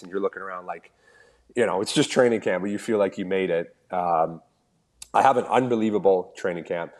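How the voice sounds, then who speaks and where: Low-voiced man telling hockey stories. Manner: animated storyteller, acts out quoted dialogue. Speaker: podcast guest, former pro hockey player. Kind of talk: casual storytelling interview.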